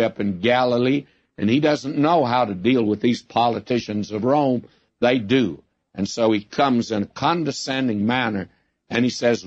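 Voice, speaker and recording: A man's voice: medium pitch, no echo. Man, sermon preacher, storytelling delivery, dull lo-fi sound, dry close recording. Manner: storytelling, acting out quoted lines.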